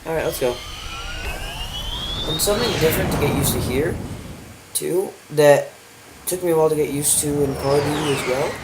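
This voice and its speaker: A man's voice: fairly high pitch, moderate pace, pauses often, noisy background. A man casually commenting on his gameplay, just woken up and yawning, rambling and joking to himself. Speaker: gaming channel host. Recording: loud game music behind.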